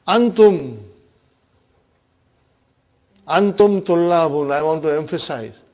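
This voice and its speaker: A man's voice: on the high side, darkish tone. Man teaching an Arabic grammar class. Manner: calls on students, repeats and checks understanding; drills the class in call-and-response.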